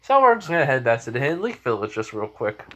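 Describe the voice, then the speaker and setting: A man's voice: mid-range voice, big pitch swings, fast, a little hiss or hum. A man casually retelling a fan story, rambling with lots of "like" and "uh". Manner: rambling, filler-heavy.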